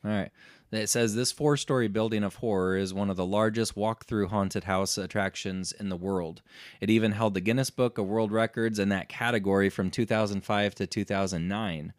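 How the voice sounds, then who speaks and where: A man's voice: on the low side, fairly even intonation, normal speed, no room sound, studio quality. A man hosting a casual podcast chat, reading haunted house listings aloud and joking about them. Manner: reads aloud, then jokes and laughs. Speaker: podcast host.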